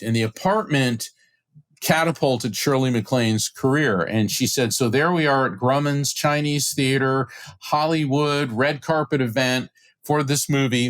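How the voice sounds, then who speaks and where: A middle-aged man, a guest on an interview podcast, telling a story with excitement and acting out the voices of the people in it. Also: medium pitch. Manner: acts out quoted voices, excited retelling. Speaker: podcast guest, psychic medium.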